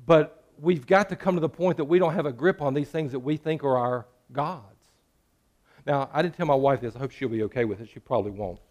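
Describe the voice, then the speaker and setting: A man preaching a sermon in a church, joking with the congregation and swinging between loud and hushed. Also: mid-range voice, brisk. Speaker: pastor.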